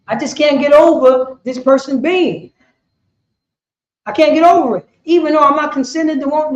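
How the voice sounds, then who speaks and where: A high-pitched woman preaches a street-style sermon, circling back over her points with lots of "you know what I'm saying". The sound is echoey and dull, as if captured on a lo-fi recording in a bare room. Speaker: preacher teaching scripture.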